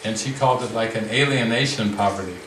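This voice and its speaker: A man leading a spiritual retreat discussion, speaking slowly and reflectively with frequent restarts. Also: on the low side, fairly bright tone, slight background noise. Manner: slow, reflective, many restarts. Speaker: spiritual teacher. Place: retreat room with a group. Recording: roomy sound from the mic's distance.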